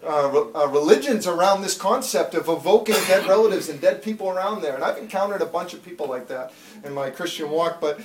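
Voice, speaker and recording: A man in his thirties giving a fervent testimony in church, building from storytelling to loud, pleading prayer. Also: high-pitched, animated, brisk, few pauses, echoey room, far from the mic, noisy background. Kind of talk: preached testimony.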